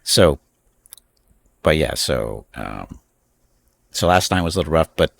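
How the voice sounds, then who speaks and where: A man's voice: rumbling low, animated, measured pace, gravelly. A man hosting a casual live stream from home, rambling and chatting with frequent laughs. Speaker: streamer host.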